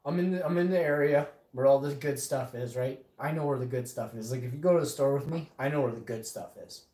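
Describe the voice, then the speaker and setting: A male vlogger tells a casual story to camera in a medium-pitched, dark-toned voice, talking fast. He rambles with lots of fillers, restarts, and swearing, and the recording has a roomy echo.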